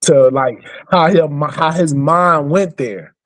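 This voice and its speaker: A man, an actor, talking casually as an interview guest in a halting, laid-back way and laughing easily. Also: on the high side, a bit bright.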